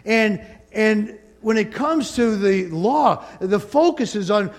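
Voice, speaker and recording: A man preaching a sermon as pastor, animated and playful, asking the congregation for responses. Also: sits high, moderate pace, hardly any pauses. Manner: animated preaching, rising and falling emphasis, call-and-response asides.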